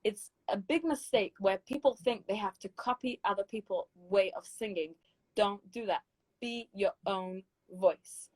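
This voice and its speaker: A woman's voice: mid-range voice, measured pace, darkish tone, no room sound, rough recording. Emphatic British woman, dry close sound. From Britain. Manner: encouraging, emphatic advice-giving. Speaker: guest singer. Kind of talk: casual video chat interview.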